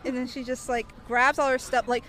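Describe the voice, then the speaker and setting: Animated young woman telling a story. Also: high-pitched, a little fast, slight background noise. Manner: animated, lots of fillers, acts out voices. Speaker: interviewee. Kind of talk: casual storytelling.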